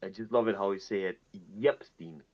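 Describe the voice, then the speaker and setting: A low-voiced man on a voice chat who cuts in with probing questions and swears freely. His audio is dull and lo-fi, with a dry, close sound. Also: level tone, rapid-fire, no room sound. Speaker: debate participant. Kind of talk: casual voice-chat debate.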